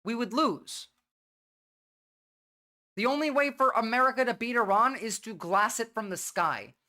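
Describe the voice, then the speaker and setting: A woman's voice: fairly high pitch, a little slow, bright, forceful tone. A woman hosting a livestream, talking bluntly and rambling in casual commentary. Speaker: livestream host.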